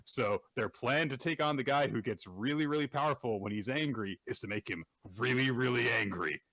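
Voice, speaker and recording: A man's voice: mid-range voice, moderate pace, pushed and bright, dry recording. A man co-hosting a casual podcast, recapping comic chapters with wry, amused commentary. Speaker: podcast co-host.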